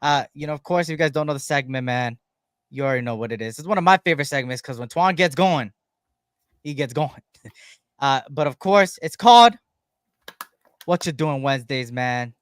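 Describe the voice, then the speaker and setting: A man with a smooth, clear voice rolls through viewer shout-outs on a live sports stream. The sound is dry and close, with his laid-back delivery at a middling pitch. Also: lively intonation, no echo. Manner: laid-back, reads viewer names quickly. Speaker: co-host of a sports fan livestream.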